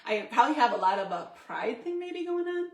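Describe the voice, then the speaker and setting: A woman's voice: on the high side, big pitch swings, a little fast. A woman co-hosting a casual talk show, chatting and laughing often as she tells stories. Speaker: co-host. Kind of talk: casual chat. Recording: echoey room.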